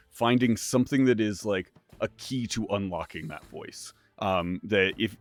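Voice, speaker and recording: A man co-hosting a casual gaming chat, talking in a halting way with frequent ums and trailing off. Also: on the low side, no echo. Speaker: podcast co-host.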